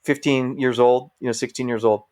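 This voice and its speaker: A man's voice: mid-range voice, brisk. A middle-aged man, a firefighter guest on a podcast, telling stories casually and acting out what people said. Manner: animated storyteller, acts out quoted voices. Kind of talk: casual storytelling.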